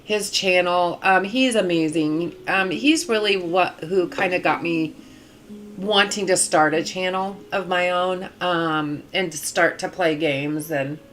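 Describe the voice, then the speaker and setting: A woman's voice: on the low side, a little slow, a bit bright, soft background music. A middle-aged woman chatting casually on a live game stream, rambling along with many ums and restarts.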